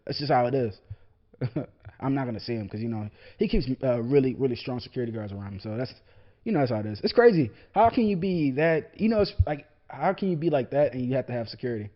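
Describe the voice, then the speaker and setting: A young man hosting a podcast, ranting casually about sports with heavy swearing, rambling tangents and frequent laughter. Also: medium pitch. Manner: profane, rambling, laughing often. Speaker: podcast host. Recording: lo-fi dull podcast audio.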